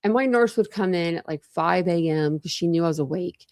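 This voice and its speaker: Gravelly-voiced woman in her forties, chatting. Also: fairly low pitch, fairly quick, a little mellow, no room sound, studio quality. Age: 40s. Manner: rambling, chatty, many "like" fillers. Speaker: true crime YouTuber on a live stream. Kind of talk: casual live-stream chat. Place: at home, room with couch and cat.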